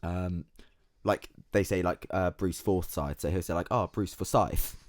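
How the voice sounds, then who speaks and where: A young man chatting casually on a podcast, animated and swearing freely, laughing often. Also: deep voice, unhurried, dry recording, studio quality. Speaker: podcast guest. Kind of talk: casual chat.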